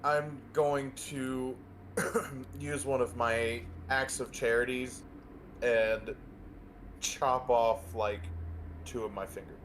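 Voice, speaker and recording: A man playing a fiend character in a tabletop game, speaking deliberately and laying out threats in character. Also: mid-range voice, fairly even intonation, a little hiss or hum. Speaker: player.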